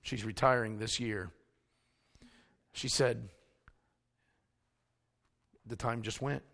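A male preacher, delivering a sermon that swings from hushed storytelling to emphatic shouting. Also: medium pitch, steady tone, takes it slowly, vocal fry.

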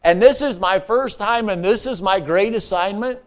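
Animated high-voiced male preacher. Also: normal speed. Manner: animated preaching with call-and-response asides; rises to excited shouts, drops to hushed tones. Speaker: pastor. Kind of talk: sermon.

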